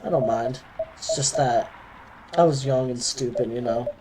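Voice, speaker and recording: A man reading a young male elf freelancer's game lines in a casual, slightly cocky storytelling way, over loud background noise. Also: mid-range voice, moderate pace, lightly acted. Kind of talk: reading game dialogue aloud.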